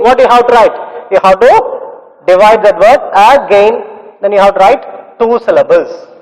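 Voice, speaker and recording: A man with a high voice teaches a classroom lesson, going over words again and again and drawing out their sounds. His voice carries with a long reverb, as if in a large, hard-walled room. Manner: slow, repetitive explaining with drawn-out sounds. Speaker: English teacher.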